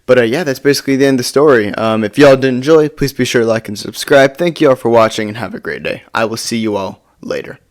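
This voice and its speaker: A man's voice: medium pitch, quick pace, hardly any pauses. A man telling a story in a casual vlog, rambling, stumbling over his words and swearing casually. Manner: rambling, with frequent stammered restarts and casual swearing. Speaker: storytime vlogger.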